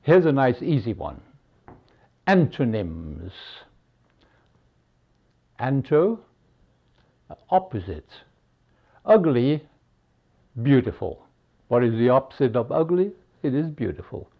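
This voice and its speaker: A man slowly teaching English spelling, pausing between each word he gives as an example. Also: medium pitch, sing-song, creaky. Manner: slow, deliberate, pausing between words. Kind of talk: slow spelling lesson. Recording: dull lo-fi recording.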